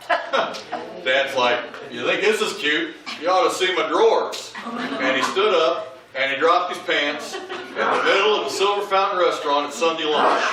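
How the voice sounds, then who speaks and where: A man with a slightly high voice delivers a funny eulogy in a large memorial hall, sharing family stories and imitating the voices of the people in them while the audience laughs. The recording is poor, with heavy reverb and a distant mic.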